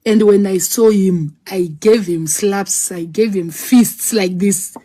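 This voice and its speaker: A woman telling her own story in a dramatic, animated way, acting out scenes with sound words. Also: medium pitch, slow pace. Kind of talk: personal storytelling.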